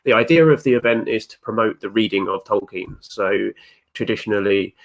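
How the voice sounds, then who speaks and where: A man's voice: on the low side, brisk, creaky. A man chatting casually as a guest, with frequent restarts and chuckles. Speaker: guest Tolkien YouTuber. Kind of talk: casual video-call discussion.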